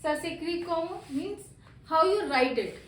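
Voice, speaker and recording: A woman teaching a beginner French lesson, slowly repeating each word and its meaning. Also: very high-pitched, expressive, a little hiss or hum. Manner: slow, repetitive drilling of words. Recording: echoey room, faint ambience.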